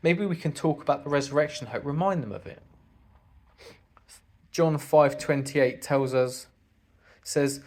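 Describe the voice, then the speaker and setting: A man's voice: fairly high pitch, a little slow, long pauses, a little mellow. Earnest man giving a congregation talk. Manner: earnest, conversational, asks the audience rhetorical questions. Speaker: congregation speaker.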